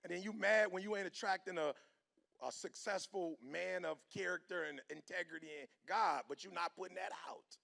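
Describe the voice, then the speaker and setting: Gravelly, high-pitched motivational speaker man. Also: moderate pace. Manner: animated, preachy, slangy, swings from hushed to loud. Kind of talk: motivational speech.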